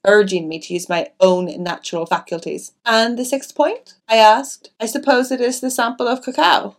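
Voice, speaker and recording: A woman's voice: fairly high pitch, moderate pace, natural voice. A woman doing an eager young male sidekick. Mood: curious. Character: earnest younger male companion, eager and puzzled. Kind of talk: audiobook character reading.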